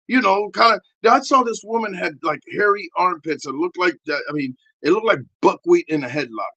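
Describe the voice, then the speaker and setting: A man doing a rambling, crude improvised comedy rant, excitable and prone to sudden shouting. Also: high voice.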